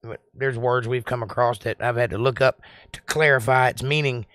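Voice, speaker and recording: This Georgia man, speaking with a Southern accent, runs a laid-back livestream where he reads the chat and rambles, joking and drawling. His pitch is medium and his tone steady, at a normal speed, slightly bright and free of echo.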